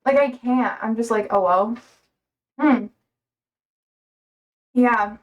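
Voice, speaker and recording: A young woman with a high voice chats loosely on a livestream, full of fillers and quick laughs. She rambles from one thought to the next. Her voice sits slightly back from the mic. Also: recorded from a distance, highs cut off. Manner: chatty, laughs often, rambling with many fillers. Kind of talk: casual livestream chat.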